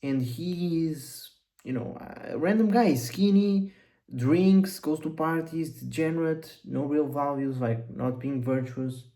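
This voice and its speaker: A man's voice: on the high side, slow pace, warm tone, rough recording. A young man giving a blunt, profane motivational monologue as a coach, rambling and intense.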